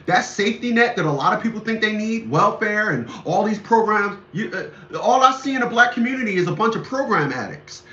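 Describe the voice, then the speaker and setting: Middle-aged male host, preachy emphatic monologue, bright high voice, echoey lo-fi room. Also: lively intonation, fairly quick, few pauses. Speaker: commentary show host. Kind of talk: casual monologue commentary.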